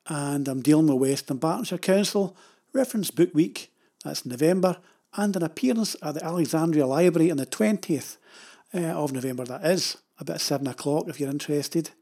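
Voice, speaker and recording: Here a Scottish storyteller, an older man, spins digressive, wry tales of his journeys. His voice runs on the high side and fairly quick, warm and husky, with a chatty manner.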